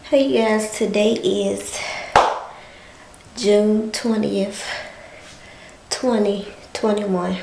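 A woman's voice: mid-range voice, steady tone, drawn-out words, vocal fry, long pauses, roomy sound, heavy background noise. A pregnant woman, chatting to her viewers in a casual vlog, out of breath from working out at home. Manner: chatty, addresses viewers as y'all. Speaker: vlogger. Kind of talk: casual vlog chat to camera. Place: bedroom in her mother's house.

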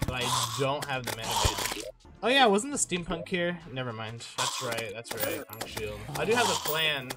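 A young man giving rambling, self-mocking commentary while playing a game, swinging between mumbles and loud outbursts. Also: medium pitch. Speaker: gaming YouTuber. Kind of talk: casual gameplay commentary. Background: game music.

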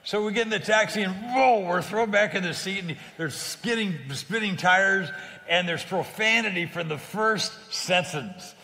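Older male guest, gravelly and bright, animated storyteller, heard in a reverberant space. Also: sits high, unhurried. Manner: lively, laughing, emphatic storyteller. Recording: long reverb.

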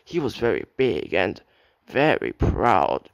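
A man's voice: lowish voice, sing-song, takes it slowly, creaky, dry recording, muffled recording. A young man reading a children's railway story aloud as an amateur narrator, with occasional slips.

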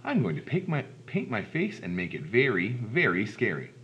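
A man reading aloud, voicing a mischievous young boy in a children's story in his own low voice. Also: huge pitch swings, normal speed, fairly bright tone, lo-fi sound, a little hiss or hum. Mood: cheeky.

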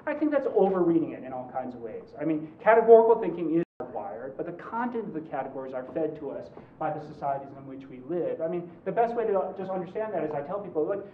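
A man in his forties, a law professor giving a conversational lecture, animated and joking, with quick asides. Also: fairly high pitch. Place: large lecture hall. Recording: roomy, distant, dull hall recording.

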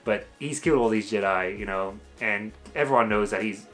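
A man's voice: lowish voice, normal speed, fairly bright tone, soft background music. A man giving a casual, ranting spoken review, exasperated and mocking, slipping into sarcastic quoted asides. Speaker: video reviewer.

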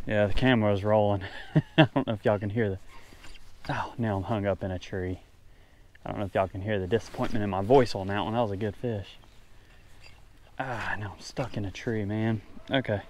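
A man narrating a casual fishing vlog from a small boat on a creek, talking excitedly to the fish and his viewers. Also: on the low side, moderate pace, pauses often, a little hiss or hum. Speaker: fishing vlogger. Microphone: chest-mounted action camera.

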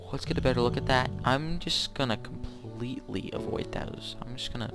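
A man commentating his own gameplay, excitable and given to panicky strings of no no no. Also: mid-range voice, creaky. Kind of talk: let's play commentary.

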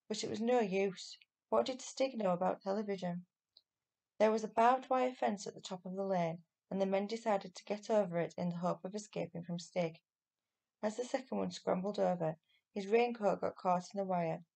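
Gravelly-voiced woman reading a storybook. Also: medium pitch, normal speed. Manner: steady, clear storytelling. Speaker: teacher reading to pupils. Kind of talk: reading a children's novel aloud.

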